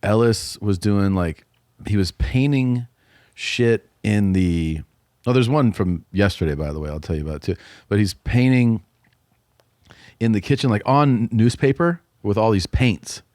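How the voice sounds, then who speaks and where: Low-voiced man telling a rowdy story. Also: a little slow, no echo, studio quality. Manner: animated, swears freely, bursts into yelling in quotes. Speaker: podcast co-host. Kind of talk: casual storytelling.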